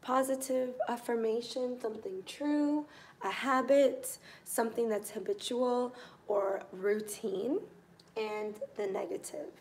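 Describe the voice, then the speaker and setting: A woman teaching a live online English grammar class, patient and encouraging, pausing to think while she writes examples. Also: on the high side, a little mellow.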